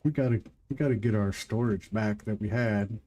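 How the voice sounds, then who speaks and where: A Midwestern man with a twang chats loosely with his livestream audience, rambling between moves in the game he's playing. He talks at a normal speed in a fairly low, dark-toned voice.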